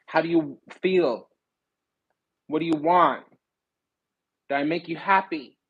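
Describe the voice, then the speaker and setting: A man giving a sassy, animated tarot reading, blunt and swearing freely. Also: a little high, takes it slowly, pauses often, husky, muffled recording. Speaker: spiritual card reader.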